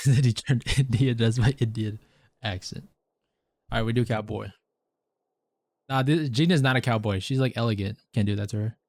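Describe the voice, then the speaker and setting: A man's voice: medium pitch, fairly even intonation, normal speed, pauses often, a little mellow. A man doing casual, joking and profane gameplay commentary as a streamer, with a tired, strained throat. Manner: joking, profane, self-mocking. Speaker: gaming streamer.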